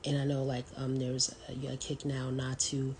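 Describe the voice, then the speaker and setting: A very low-voiced woman in her thirties hosts a solo podcast, thinking out loud in a loose, meandering way. She fills her pauses with ums and you-knows, and a faint hiss sits under the recording. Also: completely flat delivery, low-quality recording. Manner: thoughtful and rambling, many ums and you-knows. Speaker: podcast host. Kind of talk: casual solo talk.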